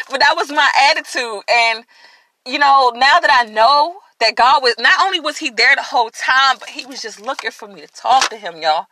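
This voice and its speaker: A woman's voice: sits high, lively intonation, normal speed, bright, forceful tone. A woman hosting a podcast, giving an emphatic, preachy motivational faith talk and addressing listeners directly. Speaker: podcast host.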